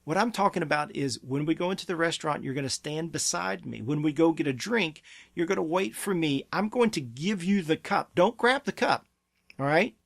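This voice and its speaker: A man's voice: a little high, lively intonation, fairly quick, vocal fry, a bit bright, dry recording, clean studio sound. A man giving parenting advice as a therapy clinic presenter, earnest and emphatic. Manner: earnest, emphatic, acts out parent and child quotes. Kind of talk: advice talk to camera.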